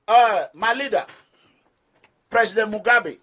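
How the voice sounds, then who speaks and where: A man with a Nigerian accent speaks in a high, forceful voice with a tense edge. He delivers declamatory political commentary to his followers and hammers points home by repeating them. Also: measured pace. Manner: declamatory, emphatic, repeats phrases for stress; preaching address to listeners. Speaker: activist movement leader. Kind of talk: direct-address political commentary.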